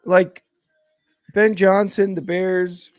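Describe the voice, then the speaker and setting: A man's voice: medium pitch, moderate pace, darkish tone, no room sound, faint music behind. A man co-hosting a live game watch-along, talking casually with lots of fillers and restarts, calling plays as they happen. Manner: rambling, filler-heavy, self-correcting. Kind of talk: casual live sports chat and play-by-play reactions.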